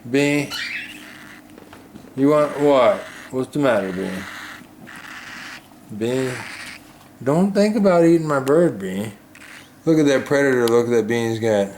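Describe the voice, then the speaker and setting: Slow, cooing man talking to his birds. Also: mid-range voice, sing-song, slight background noise. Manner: cooing baby talk, often drops to a hush. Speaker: pet bird keeper. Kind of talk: casual vlog talking to pet birds.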